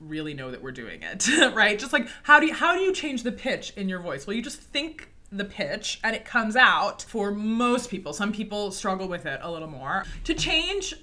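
A woman talks shop about singing with a bright, ringing tone. Her pitch swoops widely as she explains things, and she slips into quick vocal demos to show what she means. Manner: animated, demonstrates sounds with her own voice. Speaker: co-host talking about singing voices. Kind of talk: casual chat about vocal technique.

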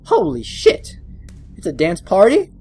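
A man's voice: very high-pitched, huge pitch swings, unhurried, gravelly, a little mellow, husky, no room sound, faint music behind. A man playing a horror game on his channel, reacting jumpily, swearing, and joking at the screen. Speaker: gaming channel host. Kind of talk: horror game let's play commentary.

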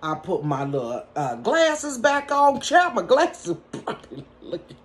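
A woman telling a personal story in a casual storytime from her bedroom, animated and laughing, talking straight to her viewers. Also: mid-range voice, unhurried.

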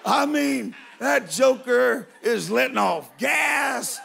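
A guest preacher telling a funny story from the pulpit of a big church, his voice unusually high and deeply gravelly. He talks slowly and folksily, then bursts into emphatic shouts. A faint congregation murmur sits behind him. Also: expressive, a faint crowd, a little hiss or hum. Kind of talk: humorous storytelling sermon. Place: large church auditorium with a live congregation.

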